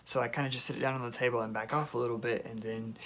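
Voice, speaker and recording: A young man telling a storytime vlog, excitable and rambling, with lots of filler words. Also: mid-range voice, rapid-fire, a little hiss or hum. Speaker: YouTuber.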